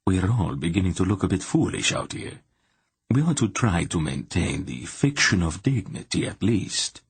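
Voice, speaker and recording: Brief: narrator as wry peacemaking king, low husky voice, dry. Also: sing-song, normal speed, no echo, full character voice. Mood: placating. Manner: smooth, placating. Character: big diplomatic old king, wry.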